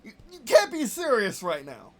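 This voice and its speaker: Frustrated gamer yelling at the game, voice jumping all over the place, repeats everything twice. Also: mid-range voice, huge pitch swings, moderate pace. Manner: talks to the screen in short, repeated outbursts. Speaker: gameplay video host. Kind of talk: live gameplay commentary.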